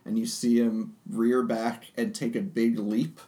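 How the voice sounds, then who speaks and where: A man narrating a tabletop role-playing game as game master, relaxed with frequent hesitations. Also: medium pitch, a little slow. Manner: relaxed, hesitant, many ums.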